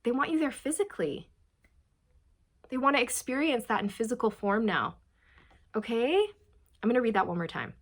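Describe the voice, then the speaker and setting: A woman's voice: fairly high pitch, lively intonation. A woman giving a channeled tarot reading to her viewers, gushing and emotional, often checking in with "okay?" and "you guys". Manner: reads quotes slowly and softly. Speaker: tarot reader.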